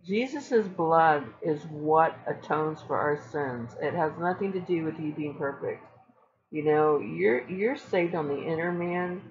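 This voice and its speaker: A woman's voice: sits low, unhurried, dull audio. A woman preaching casually to her viewers, earnest and emphatic, with repeated phrases for stress. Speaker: online Christian speaker.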